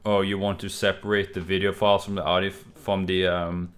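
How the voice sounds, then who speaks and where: A man's voice: sits low, little pitch movement, brisk, clear, resonant tone, lightly acted. A man voicing a smug computer system that mocks its user in a condescending tone. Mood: mocking.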